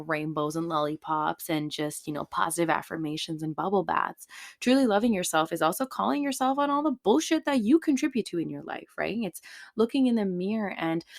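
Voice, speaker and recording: A woman's voice: on the low side, dry recording, clean studio sound. A woman hosting her own podcast, talking casually and affectionately to listeners, calling them baby and honey, with frequent fillers and tag questions. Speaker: podcast host. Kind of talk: casual solo podcast talk.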